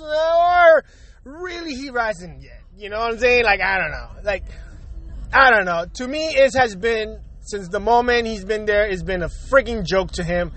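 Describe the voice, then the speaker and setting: A man's voice: high-pitched, lively intonation, moderate pace, fairly bright tone. A young man hosting his own podcast, ranting in a profane, exasperated way and repeating himself a lot. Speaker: podcast host. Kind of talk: solo rant podcast.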